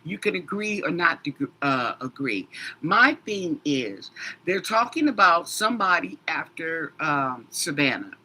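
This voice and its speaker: A woman's voice: low-pitched, sing-song, unhurried, sharp tone. A woman tarot reader in a casual livestream chat, rambling and talking straight to her commenters with emphatic asides.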